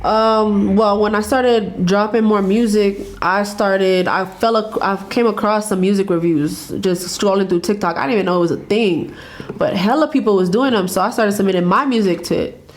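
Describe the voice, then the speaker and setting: A woman's voice: mid-range voice, steady tone, normal speed. A woman from El Paso speaks as a podcast guest, blunt and self-assured, with easy profanity. She is a music reviewer and artist, and her talk stays casual and frank. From El Paso, Texas. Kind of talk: casual interview chat.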